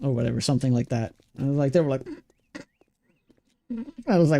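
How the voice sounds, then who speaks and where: A young man with a Swedish accent chats loosely with his viewers while he streams a game. He talks at an ordinary middle pitch in a self-deprecating way, stumbling and restarting sentences and leaning on filler words. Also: fairly quick, vocal fry, mellow, a little hiss or hum. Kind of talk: casual chat while gaming.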